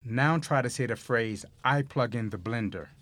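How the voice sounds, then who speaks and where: A man hosting a recorded language course, explaining grammar mistakes and giving listen-and-repeat prompts in a measured, clearly enunciated way. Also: mid-range voice, a bit bright, no echo. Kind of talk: scripted Spanish lesson narration.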